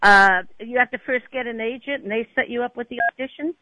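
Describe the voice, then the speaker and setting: A woman's voice: on the high side, fast talker, no room sound, narrow, tinny audio. A woman hosting a radio talk show leans in with eager questions. Her voice is dry and close to the mic. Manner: curious, asks eager questions. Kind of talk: casual interview chat.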